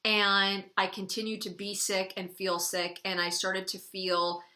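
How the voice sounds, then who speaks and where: A woman's voice: medium pitch, completely flat delivery, measured pace, sharp tone. A young adult woman vlogger telling a personal story in a casual, chatty way, filling her sentences with "like". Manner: chatty, frequent "like", wry laughs between lines. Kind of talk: casual story-time monologue.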